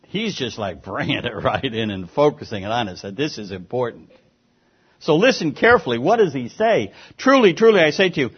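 A man's voice: medium pitch, husky, lo-fi sound. A man preaching a sermon as pastor, earnest and emphatic, sometimes stumbling over repeated words.

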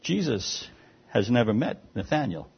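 Lively, emphatic male preacher. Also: medium pitch, measured pace, slightly rough. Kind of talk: sermon. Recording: dull lo-fi sound.

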